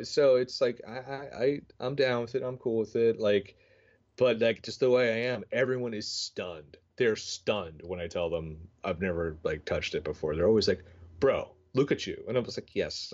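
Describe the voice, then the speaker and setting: A man in his thirties with a lowish voice rambles through a casual chat, piling up fillers and jokes at his own expense. The audio is somewhat dull and lo-fi. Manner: rambling, filler-heavy, self-mocking storyteller.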